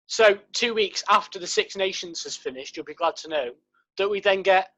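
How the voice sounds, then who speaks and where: A man's voice: sits high, normal speed, pushed and bright. A man co-hosting a podcast in casual banter, telling playful, teasing jokes. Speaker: podcast co-host.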